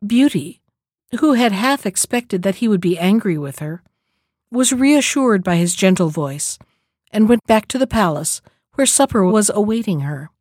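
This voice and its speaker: A woman calmly reading a fairy tale aloud in a measured storybook manner. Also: medium pitch, dry recording, studio quality.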